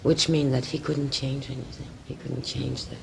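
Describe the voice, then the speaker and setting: Woman, actress, gravelly voice, halting, faint tape hiss. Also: a bass voice, flat delivery. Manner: halting, searching for words, many restarts. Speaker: actress and director, interview guest. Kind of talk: casual interview talk.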